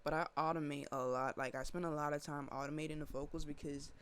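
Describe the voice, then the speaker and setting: Male musician, casual walkthrough, fillers everywhere, clear lightish voice. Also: fairly high pitch, little pitch movement, quick pace, fairly bright tone. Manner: loose and slangy, rambling with many fillers. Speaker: musician breaking down his own song.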